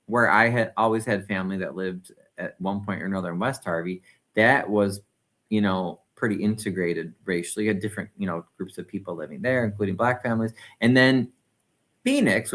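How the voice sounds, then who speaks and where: A man hosting his own channel, talking casually and earnestly, often circling back mid-sentence and answering viewers' comments as he goes. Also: fairly low pitch. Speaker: channel host. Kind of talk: casual live-stream commentary.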